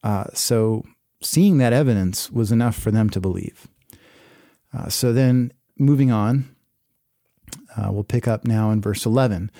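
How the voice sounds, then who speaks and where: A man giving a sermon, reading scripture aloud and then explaining it in a relaxed, conversational way with many fillers. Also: lowish voice, measured pace, pauses often, dry recording, studio quality. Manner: casual, conversational preaching with fillers. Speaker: pastor.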